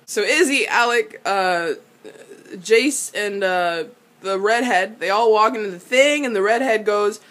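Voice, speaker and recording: A young woman recapping a TV episode in a casual, animated way, exclaiming, swearing and laughing often. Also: mid-range voice, measured pace. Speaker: vlogger.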